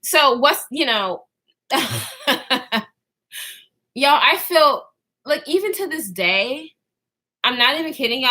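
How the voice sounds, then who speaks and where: Lively bright-voiced woman telling a story. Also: sits high, takes it slowly, pauses often. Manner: animated, slangy, swears freely, trails off and restarts. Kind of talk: casual storytime to viewers.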